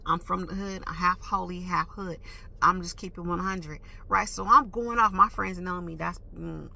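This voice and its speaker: A woman vlogger telling a story in a casual, animated way, full of emphatic slang and sound effects like "boom" and "whoop.". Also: normal speed, gravelly.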